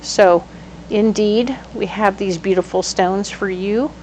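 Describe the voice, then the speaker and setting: A woman giving a casual tarot reading, animated and playful, breaking into sudden exclamations. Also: mid-range voice, takes it slowly, a little hiss or hum, low-quality recording. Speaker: tarot reader.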